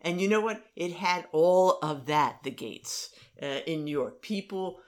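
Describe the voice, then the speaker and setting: A woman's voice: lowish voice, lively intonation, unhurried. A middle-aged woman in casual conversation, rambling with many fillers and restarts.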